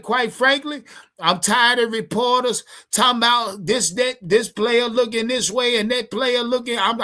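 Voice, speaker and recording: A man streaming to his chat, ranting hard about his football team. His voice swings widely in pitch, and his tone is bright and forceful. He swears freely and circles back over the same points. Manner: heated, swearing, repetitive, talks to chat. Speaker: sports fan streamer. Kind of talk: profane livestream sports rant.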